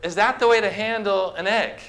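A man's voice: sits high, brisk, fairly bright tone. A man preaching a sermon to a congregation, talking conversationally and asking the people questions. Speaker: pastor. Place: church with a congregation.

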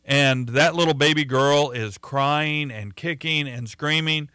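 Man, preacher, chatty sermon, smooth clear voice, dry close sound. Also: on the high side, a little slow, sharp tone, dry recording. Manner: conversational, with fillers and repeated words.

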